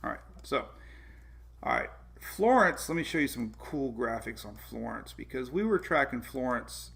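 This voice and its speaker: A male weather-show host talks through a casual livestream in a gravelly, mid-pitched voice. He rambles, trips over his own points and corrects himself, chuckling as he goes and answering viewers by name. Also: very animated, moderate pace, fairly bright tone. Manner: rambling, self-correcting, chuckles often, reads viewer comments.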